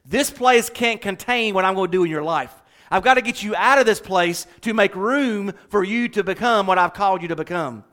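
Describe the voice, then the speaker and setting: God as a commanding, emphatic divine voice giving orders, as a male preacher puts it on in his sermon. It rings high and strong, with stressed words pushed out one by one. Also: moderate pace, fairly bright tone.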